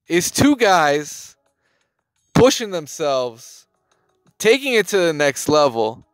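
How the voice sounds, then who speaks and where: A man's voice: a little high, sing-song, slow pace, no room sound. A man hosting a boxing news channel, giving casual, emphatic commentary to camera in slangy talk, often repeating his phrases and swearing.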